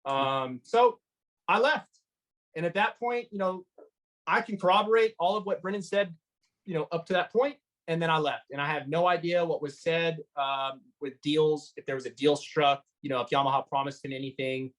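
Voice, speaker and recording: A man giving an interview, retelling a tense encounter in an animated way, with lots of fillers and restarts. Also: fairly high pitch, normal speed, poor audio. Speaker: motorcycle engine builder guest. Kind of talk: storytelling interview.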